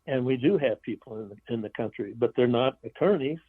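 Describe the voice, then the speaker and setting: A man's voice: mid-range voice, a little fast, breathy edge, no echo. Guy on a phone line, tinny sound, dry, stops and restarts a lot, blunt opinions. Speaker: author and guest. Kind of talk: interview over the phone.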